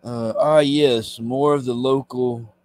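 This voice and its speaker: Man, live comic reading, halting, stumbling over words, slow pace, medium pitch. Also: fairly even intonation, a little mellow. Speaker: streamer reading comics aloud.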